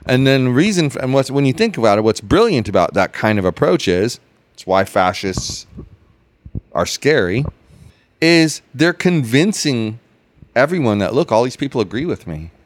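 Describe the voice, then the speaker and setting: Animated sarcastic ranting man. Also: mid-range voice, normal speed, no room sound. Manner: animated, sarcastic, rambling with restarts. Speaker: podcast host. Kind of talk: casual ranting chat.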